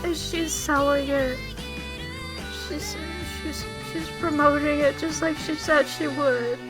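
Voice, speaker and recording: Young woman streaming a story game, bit high voice, takes her time, big dramatic swear-y reactions. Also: fairly even intonation, slow. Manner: dramatic, swears, loud outbursts and laughs. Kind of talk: casual live game commentary. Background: game music.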